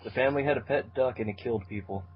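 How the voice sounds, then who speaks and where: A man's voice: mid-range voice, rapid-fire, slightly rough. A man on a casual chat panel who jokes crudely and recounts things with gusto. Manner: jokey, crude. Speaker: podcast panelist. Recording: dull lo-fi call audio.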